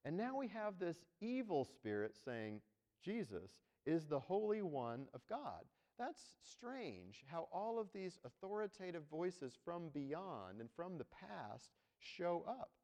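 A man preaches a sermon as pastor in a slightly high, sing-song, warm voice at a slow pace. He talks to the congregation conversationally, tagging his points with "right?", and a long hall reverb surrounds him.

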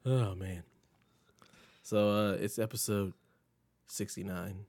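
Podcast host, man, husky low voice with fry, relaxed teasing delivery. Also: slow, no echo. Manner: laid-back, teasing. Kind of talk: casual chat.

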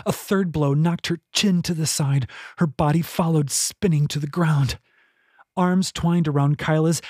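Husky-voiced male audiobook narrator. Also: on the high side, no room sound, studio quality. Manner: steady, measured storytelling. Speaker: author reading his own novel.

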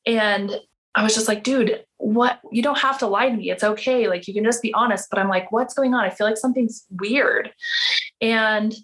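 A woman's voice: on the high side, normal speed, fairly bright tone. A woman in her thirties, a podcast guest, telling a personal story in a casual, chatty way, full of "like" fillers and acted-out quoted dialogue. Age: 30s.

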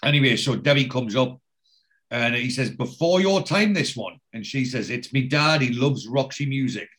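A man hosting a casual podcast, retelling a TV episode scene by scene and quoting the characters' lines, with a steady "he says" between quotes. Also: medium pitch, normal speed. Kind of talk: casual chat recapping a TV episode.

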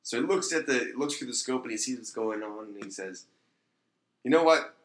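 A man telling a long joke in casual chat, his voice trailing off into quiet mumbles and swearing freely. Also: medium pitch, brisk, roomy sound. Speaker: podcast co-host.

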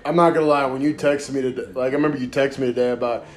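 A man's voice: medium pitch, steady tone, fast. Swearing man telling stories. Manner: profane, storytelling, talks over his partner. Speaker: podcast co-host. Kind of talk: casual drunk podcast chat.

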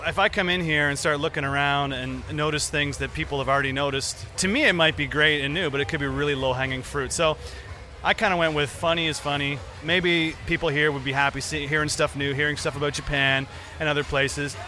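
A man's voice: on the high side, fairly quick. A comedian from Canada talking thoughtfully about his set in an interview. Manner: thoughtful, relaxed.

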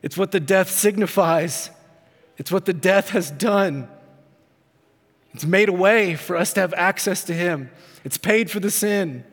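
A man's voice: sits high, unhurried, in a large hall. A man in his thirties, a pastor preaching a sermon in a church, earnest and building emphasis through repetition. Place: church sanctuary.

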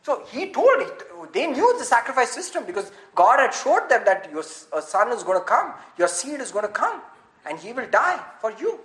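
A pastor preaching a sermon in an animated way, often laughing and acting out little dialogues. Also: medium pitch, moderate pace, reverberant, low-quality recording.

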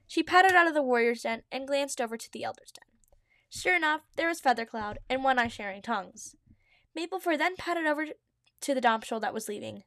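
A woman's voice: high-pitched, animated, fairly quick, a bit bright, no echo, studio quality. A young woman reading her old fan story aloud with giggly, self-mocking asides. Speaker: podcast host reading her own old writing.

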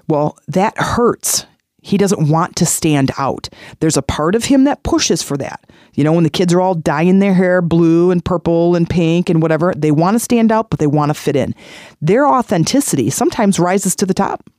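A man's voice: high voice, expressive, moderate pace, darkish tone, no room sound, clean studio sound. A man in his forties hosting a podcast, giving earnest motivational self-help advice in a conversational way and repeating phrases for emphasis. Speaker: podcast host.

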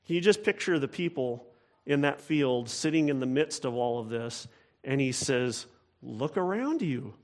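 A man's voice: mid-range voice, moderate pace. A man preaching a sermon, earnest and emphatic, often repeating phrases for weight. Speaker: pastor.

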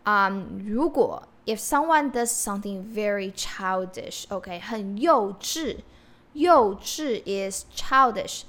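A woman with a Mandarin Chinese accent and Mandarin as her first language, teaching a podcast language lesson, saying phrases and explaining them patiently. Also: a little high. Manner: explains slowly, repeating Chinese phrases and glossing them in English. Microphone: podcast microphone.

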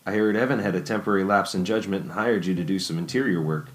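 A man's voice: sits low, quick pace, faint music behind, natural voice. A man voicing a caring older brother who teases and shows concern. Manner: warm, concerned.

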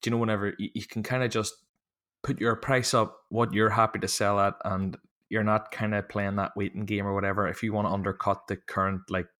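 Male podcast host, slightly low voice, loose rambling chat, self-deprecating, curses often. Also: level tone, fairly quick, fairly bright tone. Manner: rambling, self-mocking, swears freely. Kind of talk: casual chat.

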